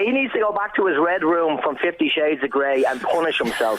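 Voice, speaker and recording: West Dublin man, radio panelist, blunt animated rant, slightly high voice. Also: a little fast, hardly any pauses, poor audio. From Ireland. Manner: blunt, animated, laughing ranter. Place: radio studio.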